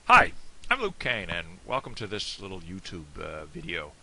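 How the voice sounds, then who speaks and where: A man's voice: low voice, huge pitch swings, normal speed, creaky, sharp tone, a little hiss or hum. A man with an American accent giving a casual, digressive video lesson. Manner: chatty, digressive. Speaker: Irish language teacher.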